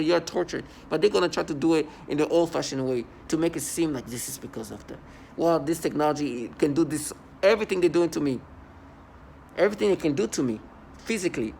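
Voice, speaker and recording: A man's voice: fairly high pitch, lively intonation, quick pace, gravelly, a little mellow, slight background noise. A man in an angry personal monologue to camera at home, defiant and scornful, often repeating and restarting his words. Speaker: vlogger. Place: at home indoors.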